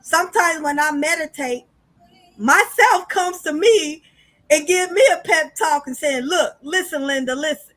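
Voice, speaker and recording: A woman hosting a casual spiritual podcast, animated and chatty, talking straight to her listeners. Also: extremely high pitch, measured pace. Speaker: podcast host.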